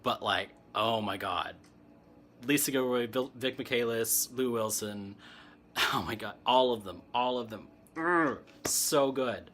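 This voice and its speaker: A man's voice: medium pitch, a little slow, fairly bright tone, a little hiss or hum. A man giving a casual, rambling tarot chat, answering comments and laughing often. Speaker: tarot reader and streamer. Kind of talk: casual spiritual chat, reading tarot cards.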